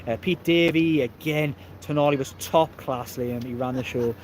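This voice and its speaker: A man's voice: mid-range voice, moderate pace, slight background noise. A man with a Geordie accent hosting a casual live stream outdoors, chatting, joking and reading out viewers' comments. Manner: chatty, jokey, laughs often, reads out viewer comments. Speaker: football channel host reading live comments.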